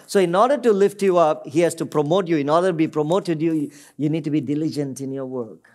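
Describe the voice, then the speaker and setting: A man's voice: fairly high pitch, fast talker, darkish tone. A middle-aged man from Singapore, preaching a sermon to his congregation. He keeps calling out "Amen?" and drops into short quoted voices as he teaches. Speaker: pastor.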